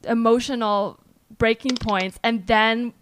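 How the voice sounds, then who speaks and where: A woman's voice: a little high, slow, slight background noise. A woman hosting a podcast interview, chatting casually and telling stories with lots of "like". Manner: chatty, animated storyteller with frequent "like". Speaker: podcast host. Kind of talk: conversational interview.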